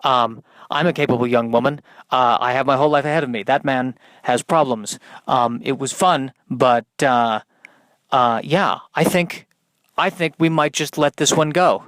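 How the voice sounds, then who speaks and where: A man's voice: medium pitch, normal speed, a bit bright, no room sound, close to an everyday voice. A man voicing a capable, self-assured young woman who talks in a musing, resolved way.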